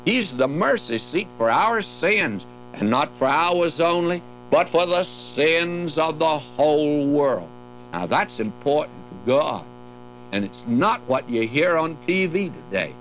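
A man's voice: fairly high pitch, sing-song, slow, fairly bright tone, a little hiss or hum, poor audio. An older man teaching through a Bible book in a folksy, emphatic way, his voice lifting on key words.

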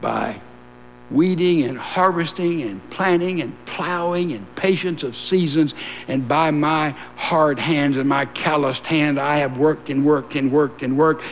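A man's voice: a little high, a little slow, voice pushed down, close to an everyday voice. A man voicing Cain as a boastful, proud young male farmer, insistent and bragging. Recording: long reverb and mains hum in a church.

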